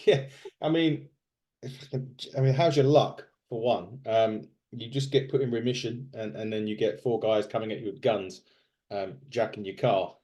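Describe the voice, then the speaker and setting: A man's voice: on the low side, moderate pace, warm tone, lo-fi sound. A man co-hosting a podcast in casual chat, rambling with lots of fillers and restarts. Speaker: podcast co-host. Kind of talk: casual chat recapping wrestling.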